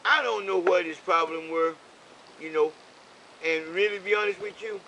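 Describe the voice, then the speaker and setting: Bright-voiced older man telling a story. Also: high-pitched, normal speed, a little hiss or hum, rough recording. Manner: preachy, repeats "okay?" for emphasis. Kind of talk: casual storytelling conversation. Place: in a vehicle.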